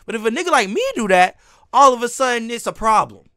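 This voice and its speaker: An angry young man rants on camera as a commentary YouTuber, his voice sitting high and swinging wildly up and down. He swears freely and keeps breaking into laughs between lines, and the sound is close and dry with no room echo. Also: animated, fast talker, pushed and bright, smooth. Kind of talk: heated reaction rant.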